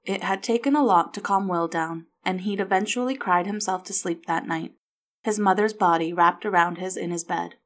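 A woman narrating a novel aloud, reading the dialogue softly and without strong character voices. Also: fairly low pitch, moderate pace. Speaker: audiobook narrator. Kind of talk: scripted narration.

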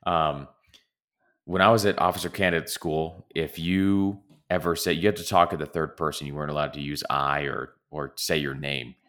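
A man's voice: a bass voice, steady tone, normal speed, fairly bright tone. A man co-hosting a casual podcast, talking in a rambling way with lots of restarts. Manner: rambling, self-interrupting. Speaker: podcast co-host. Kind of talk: casual chat about soccer.

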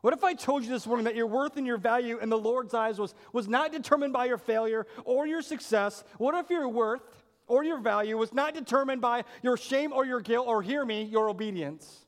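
A man's voice: very high-pitched, fairly quick, hardly any pauses, in a large hall. A male pastor preaching a sermon, earnest and emphatic, pressing his point with repeated questions.

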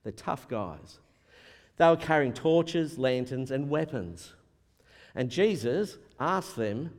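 A man preaching a sermon as a pastor, animated and acting out the voices he quotes. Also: mid-range voice, takes it slowly. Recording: long hall reverb.

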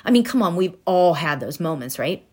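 A woman giving an earnest motivational talk, speaking directly to the listener and dropping to soft, near-whispered tones for affirmations. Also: fairly low pitch, big pitch swings, fairly quick. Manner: talks directly to the listener with many "right?" tags. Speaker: self-help speaker.

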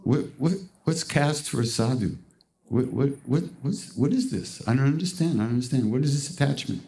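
A man's voice: mid-range voice, fairly quick, warm tone, natural voice. A man voicing an old male guru who sounds puzzled and keeps repeating himself. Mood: bewildered.

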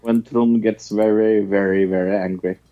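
A man's voice: lowish voice, fairly even intonation, normal speed, phone-quality sound. Man, co-host, casual chat, easygoing, typing behind.

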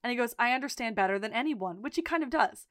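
A woman with a slightly high voice recaps a TV episode for her podcast co-hosts, talking emphatically and swearing freely. Her voice sits close on a dry mic with no room sound. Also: lively intonation, fast, fairly bright tone, dry recording. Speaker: podcast co-host.

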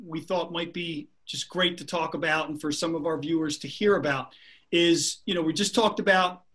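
A man's voice: fairly high pitch, steady tone, normal speed, a bit bright. A man co-hosting an interview show, mixing questions with dry joking asides. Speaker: show co-host. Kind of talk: casual interview chat.

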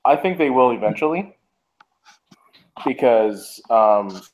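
A man's voice: mid-range voice, animated, takes it slowly, slight background noise, low-quality recording. A man on a gaming podcast answering a question thoughtfully, with many hesitations. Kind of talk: casual chat.

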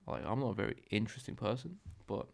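A young man's lowish, gravelly voice comes out fast and sing-song as he hosts a podcast. Alone at the mic, he tells a rambling, profanity-laced story and keeps correcting himself.

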